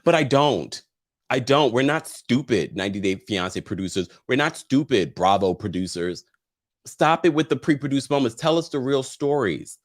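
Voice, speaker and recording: Animated man recapping reality TV. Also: medium pitch, normal speed. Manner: animated, chatty, reads viewer comments aloud and laughs often. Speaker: host. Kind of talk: casual reality TV recap livestream.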